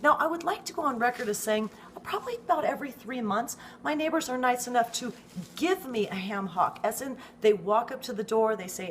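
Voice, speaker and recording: A middle-aged woman from the United States telling an exasperated, animated story in a casual vlog, swearing freely and often tagging her lines with "okay?". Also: on the high side, fairly quick, slight background noise. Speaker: vlogger, dog owner.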